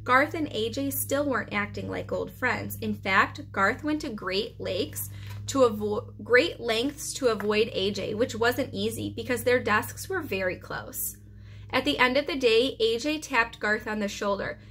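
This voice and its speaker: Bright-voiced woman reading a storybook. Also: on the high side, moderate pace, slight background noise. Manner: expressive storytelling with occasional stumbles. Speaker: preschool teacher. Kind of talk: reading a children's chapter book aloud.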